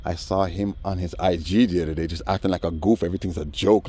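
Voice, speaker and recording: Man, low and mellow, casual storyteller who acts out others' voices. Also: quick pace. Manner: animated, acts out voices in quoted dialogue. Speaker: vlogger.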